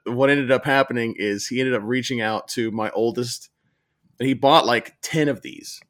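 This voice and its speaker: Man, podcast co-host, rambling storyteller, animated, mid-pitched voice. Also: normal speed. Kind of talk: casual podcast chat.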